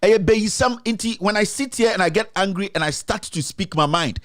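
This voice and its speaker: Ghanaian male commentary host, heated and repetitive, higher voice, dry close mic. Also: fairly quick, fairly bright tone, no echo. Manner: impassioned, repetitive, mixes English with Twi. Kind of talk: live-streamed political commentary.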